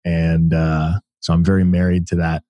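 A man in his thirties from the United States, a podcast guest telling stories in a rambling, animated way and laughing often. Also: low-pitched, normal speed. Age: 30s. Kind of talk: casual interview chat.

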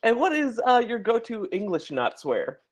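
A man's voice: very high-pitched, huge pitch swings, normal speed. A man hosting a podcast who jokes around and sets up absurd scenarios for his guest. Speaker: podcast host. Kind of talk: casual interview chat.

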